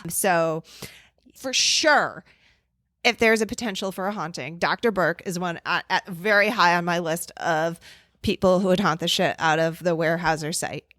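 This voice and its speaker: A woman's voice: on the low side, normal speed, fairly bright tone, no echo, studio quality. A woman co-hosting a podcast, casually telling and reading out old local stories, rambling and restarting as she goes. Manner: rambling storyteller, reads old articles aloud. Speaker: podcast co-host. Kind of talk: casual chat.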